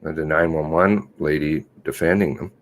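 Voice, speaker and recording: Sarcastic man ranting on a livestream. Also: moderate pace. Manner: sarcastic, mocking, swings from loud outbursts to low mutters. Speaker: livestream host. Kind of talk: casual livestream commentary.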